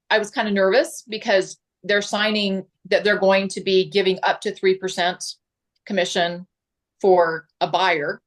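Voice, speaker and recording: Chatty agent lady recounting a client meeting, does the client's surprised voice. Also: medium pitch. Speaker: real estate agent. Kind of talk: casual storytelling in a meeting.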